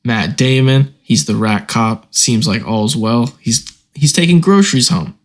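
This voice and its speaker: A man's voice: medium pitch, unhurried. A man co-hosting a casual movie podcast, steering the talk and recapping the plot. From Washington State. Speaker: podcast co-host.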